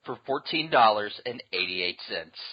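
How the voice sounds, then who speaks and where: A man's voice: fairly low pitch, lively intonation, moderate pace, lo-fi sound. A man co-hosting a casual podcast, making dry wisecracks. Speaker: podcast co-host.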